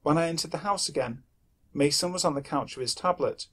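A man narrating a horror story in a measured, somber way. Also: a little high, fairly bright tone, husky.

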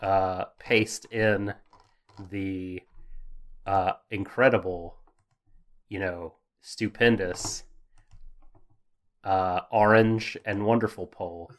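A man's voice: deep voice, steady tone, drawn-out words, long pauses. A man co-hosting a casual podcast chat, rambling and self-deprecating with many fillers. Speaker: podcast co-host. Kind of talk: casual anime discussion chat.

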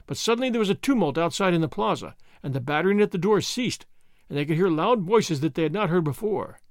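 A man narrating a classic adventure novel as an expressive audiobook host. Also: high voice, fast, no room sound, clean studio sound.

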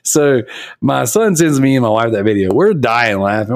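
A man's voice: mid-range voice, normal speed, dry recording, studio quality. A man in his thirties hosting a podcast, telling funny stories in casual chat with a lot of laughter. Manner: animated, laughing storyteller. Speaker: podcast host.

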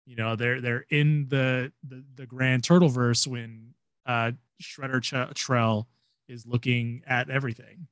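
A young man rambling through a casual fan chat on a podcast, full of fillers and restarts. His voice sits at an ordinary middle pitch. It is recorded close and dry, with no room sound. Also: little pitch movement, measured pace, fairly bright tone, no room sound. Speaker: podcast co-host.

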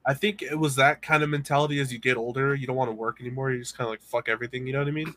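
A man with a bright, forceful voice trading casual banter. He jokes loosely and drops into playful impressions now and then, with a ringing edge on his words. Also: medium pitch, fairly even intonation, racing. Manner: jokey, slips into playful impressions.

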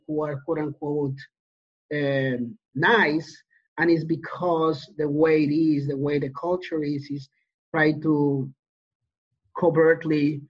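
A man's voice: a little high, breathy edge. A man from Colombia, a guest in a casual conversation, telling his experiences earnestly and acting out the exchanges he recalls. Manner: earnest storytelling, acts out quoted exchanges. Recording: dull lo-fi sound.

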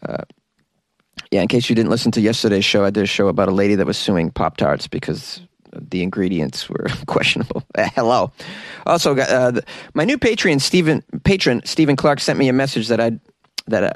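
A man's voice: lowish voice, animated, brisk, dry recording. A man hosting a casual solo podcast, reading listener messages in a chatty, easygoing way with lots of fillers and restarts. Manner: breaks into laughter. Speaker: podcast host.

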